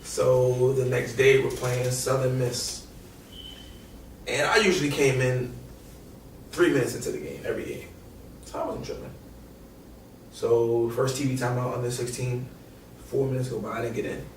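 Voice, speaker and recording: A young man, a podcast guest telling an animated, slangy, profane story and acting out quotes. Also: medium pitch, normal speed, long pauses. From New York. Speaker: podcast guest, former college basketball player. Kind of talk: casual storytelling. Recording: echoey room, distant mic, faint noise.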